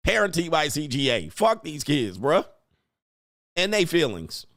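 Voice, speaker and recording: A man's voice: fairly high pitch, a bit bright, dry recording, clean studio sound. Blunt, profane man reacting to clips. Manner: profane, blunt, laughing often. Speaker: reaction commentator. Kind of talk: casual video reaction commentary.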